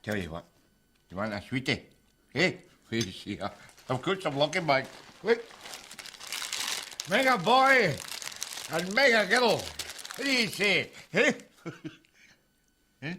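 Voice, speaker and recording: A sarcastic Glaswegian layabout. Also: male voice, mid-range voice, sing-song, takes it slowly, pauses often, sharp tone, slight background noise, full character voice. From Glasgow. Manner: sarcastic, mocking asides. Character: scruffy sarcastic Glaswegian man, crude and blunt. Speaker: sitcom character. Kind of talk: sitcom acting. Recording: TV clip with music over it.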